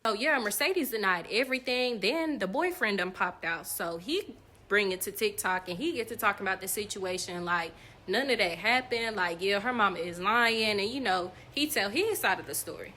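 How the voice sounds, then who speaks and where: A woman hosting a commentary channel who recaps online drama in a chatty, casual voice. Her tone is bright and sits at a middle pitch, and she talks straight to her viewers. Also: lively intonation, normal speed. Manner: chatty, addresses viewers as y'all.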